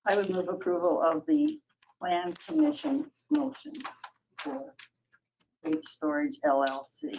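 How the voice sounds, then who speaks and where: A man's voice: extremely high pitch, sing-song, unhurried, creaky, darkish tone, recorded from a distance. A man on a town board moving a motion and giving tentative, hedging replies in discussion. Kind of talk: meeting discussion. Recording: dull, lo-fi meeting audio with faint noise.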